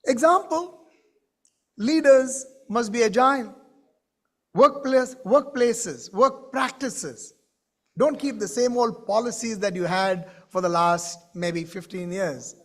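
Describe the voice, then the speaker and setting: A man telling a story to a conference audience in an animated way, with questions to the crowd. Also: very high voice, takes it slowly. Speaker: keynote speaker. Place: conference stage.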